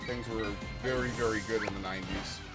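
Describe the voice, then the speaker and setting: A man's voice: on the low side, steady tone, fairly quick, loud music behind the voice. A young man rambling casually over gameplay, chatty and swearing offhand. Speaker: gaming channel host.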